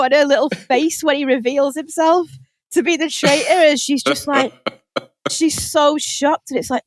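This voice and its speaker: A woman with a fairly high voice, chatting on a podcast. She rambles through animated stories and acts out the lines people said. The sound is close and dry. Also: moderate pace, no room sound. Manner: animated rambling storyteller, acting out quotes. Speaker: podcast co-host. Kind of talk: casual chat. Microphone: podcast microphone.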